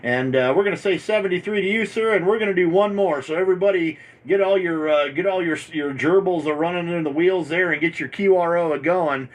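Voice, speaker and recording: A man's voice: high-pitched, fairly quick, hardly any pauses. A man working an amateur radio station from home, chatting casually and rambling on, worn out after hours on air.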